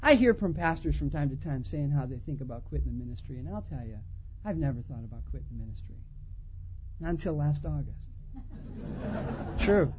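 A man who is a pastor, telling a story in a sermon to a conference with animated delivery, swinging between quiet and loud. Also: fairly high pitch, a little fast, pauses often, lo-fi sound, noisy background. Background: audience laughter.

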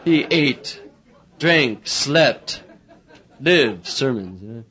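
A man's voice: medium pitch, extremely slow. A man teaching pastors in a humorous, chatty lecture, acting out little quotes as he talks. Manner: chatty, animated, acts out quotes. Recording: muffled lo-fi recording.

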